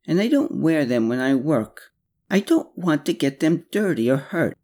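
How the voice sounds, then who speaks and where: A man's voice: a little high, sing-song, moderate pace, darkish tone, pitched above the performer's own voice. Man doing a simple humble caretaker. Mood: earnest. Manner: plain, earnest, simple speech. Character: simple, humble, gentle-hearted male caretaker.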